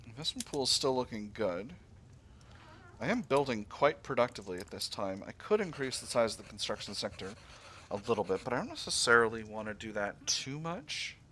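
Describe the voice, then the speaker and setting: A man's voice: mid-range voice, big pitch swings, brisk, sharp tone, a little hiss or hum. A man casually commentating his own strategy gameplay, thinking aloud with fillers and playful asides to himself. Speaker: strategy game let's player.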